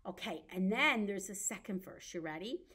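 A woman's voice: medium pitch, expressive, normal speed, sharp tone, slightly rough. A woman librarian leading a baby storytime, talking in a cheerful sing-song way to small children and their grown-ups. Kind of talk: baby storytime with songs and rhymes.

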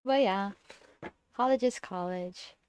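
A woman's voice: medium pitch, takes it slowly, a little mellow, smooth. A young adult woman on a casual livestream. She greets viewers, giggles often, and stumbles over repeated words.

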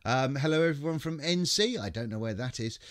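A man's voice: medium pitch, expressive, fairly quick, dry recording, studio quality. A man hosting a casual livestream, reading out viewer greetings and stumbling cheerfully over names. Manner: chatty, stumbles over names, laughs often, swears casually. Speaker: livestream host. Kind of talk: casual live chat reading viewer comments.

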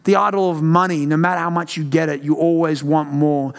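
High-voiced passionate man preaching. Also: level tone, fairly quick. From Australia. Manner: passionate preaching, swings between loud outbursts and hushed questions. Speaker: pastor. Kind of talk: sermon. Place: church.

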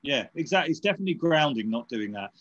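An electronic musician in his fifties is interviewed in a casual chat, rambling with lots of fillers and restarts and laughing while telling stories. His mid-range voice is expressive, fast, and fairly bright. The recording is muffled.

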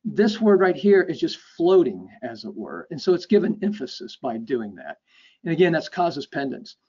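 A man giving an academic lecture. He explains step by step, checks in with a frequent "okay?", and lets his phrase ends drop off softly. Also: on the high side, very animated, normal speed, slightly rough. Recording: dull lo-fi lecture recording.

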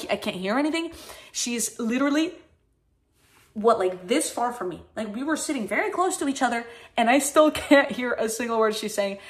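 A woman streamer telling a story in a casual, animated way, swearing often and acting out how she reacted back then. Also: fairly high pitch. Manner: animated, swears often, acts out her own past reactions.

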